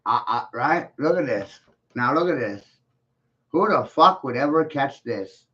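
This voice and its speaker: Brief: slow-talking swearing ranter, mocking laughs, muffled lo-fi vlog audio. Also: male voice, medium pitch, lively intonation, sharp tone. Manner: mocking, swearing, laughs at his own points. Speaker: video blogger. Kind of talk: profane rant to the camera. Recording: dull lo-fi sound.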